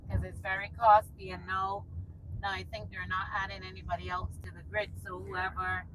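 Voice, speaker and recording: A woman's voice: medium pitch, flat delivery, normal speed, background noise. A woman with a Bajan accent, from Barbados, chatting casually as a tour guide and telling stories with a laugh.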